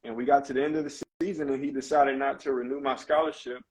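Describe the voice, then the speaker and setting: A basketball coach who used to play tells his story as a podcast guest, candid and animated, sprinkling in casual slang. His mid-range voice is slightly mellow and steady, moving at a quick pace, though the audio quality is poor.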